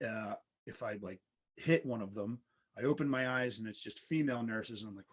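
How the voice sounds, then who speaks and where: A man's voice: on the low side, normal speed, husky. Rambling man telling a story. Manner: rambling, many fillers. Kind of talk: casual storytelling.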